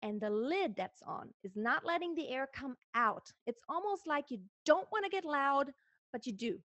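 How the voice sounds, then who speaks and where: A woman's voice: sits high, lively intonation, normal speed, fairly bright tone, no echo. A woman vocal coach giving a singing lesson in an earnest, instructive way, breaking off to sing examples. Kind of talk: singing lesson with sung demonstrations.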